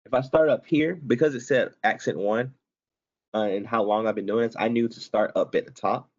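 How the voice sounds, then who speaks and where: A man's voice: medium pitch, moderate pace, lo-fi sound. A man instructor talking students through a spreadsheet tutorial step by step, casual and self-correcting as he goes. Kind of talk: screen-recorded software tutorial.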